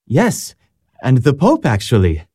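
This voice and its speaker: An earnest young devout gentleman. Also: mid-range voice, wildly swooping pitch, a little slow, husky, no echo, studio quality, exaggerated voice. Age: young adult. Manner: earnest and polite, hesitant when moved. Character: earnest young male law graduate, devout and respectful. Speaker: young man seeking priesthood. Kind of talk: radio drama acting.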